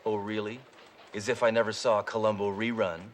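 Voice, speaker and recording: An actor playing a cocky, wisecracking male cop with a tough, deadpan delivery. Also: on the low side, fairly quick, slight background noise, close to an everyday voice. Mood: smug. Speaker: police detective. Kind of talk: 1980s sitcom acting.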